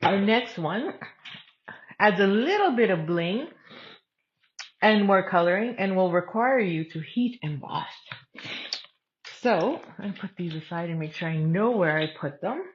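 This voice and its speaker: A woman's voice: medium pitch, lively intonation, measured pace, pauses often, highs cut off, a little hiss or hum. A woman hosting an online craft class, talking casually step by step and thinking aloud as she works. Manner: chatty, thinks aloud while working.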